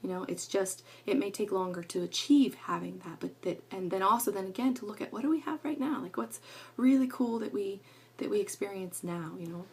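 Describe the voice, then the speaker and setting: Gravelly-voiced woman chatting about parenting. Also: medium pitch, fairly quick. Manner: rambling, earnest, many fillers. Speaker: parenting vlogger. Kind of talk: casual talk to camera.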